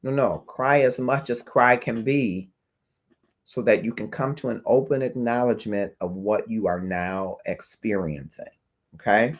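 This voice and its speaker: Earnest low-voiced man hosting a talk. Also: measured pace. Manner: earnest and reflective, checks in with listeners. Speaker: host of a talk show on grief. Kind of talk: heartfelt livestream talk to viewers.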